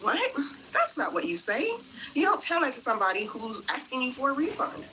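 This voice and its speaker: Bright, indignant woman retelling a dispute. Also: high-pitched, sing-song, brisk, slight background noise, poor audio. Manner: indignant, acts out both sides of the call. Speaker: customer telling her refund story. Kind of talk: storytelling vlog.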